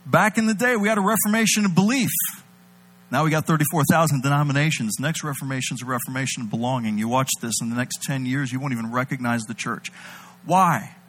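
A man preaching a sermon, animated, swinging between loud emphatic bursts and low intimate delivery. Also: fast, rough recording.

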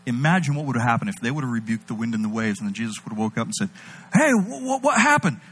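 A man preaching a sermon, animated, swinging between loud emphatic bursts and low intimate delivery. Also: very fast, a little hiss or hum, rough recording.

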